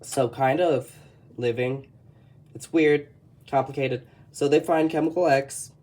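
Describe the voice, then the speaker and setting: Showing off an old sketchbook, a Texan-accented speaker rambles chattily and keeps correcting themselves. The voice is medium-pitched and darkish, with fairly even intonation and a slightly slow pace.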